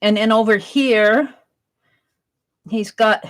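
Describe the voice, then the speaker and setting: Slow-talking woman sketching on a live stream. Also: on the high side, fairly even intonation, low-quality recording. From Wisconsin. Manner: chatty, reads chat aloud while sketching. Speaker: art streamer. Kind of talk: live-stream art chat.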